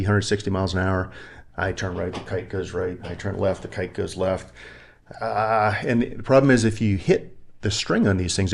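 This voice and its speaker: A man's voice: on the low side, gravelly. A middle-aged man, a retired army pilot being interviewed, telling war stories and acting out other people's voices. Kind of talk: animated storytelling in conversation.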